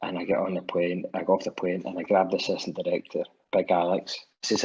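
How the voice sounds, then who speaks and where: This Scottish man, a musician guesting on a podcast, rambles through an anecdote with many restarts, animatedly performing people's quoted lines. His husky voice sits low, his pace is quick, and the audio sounds muffled.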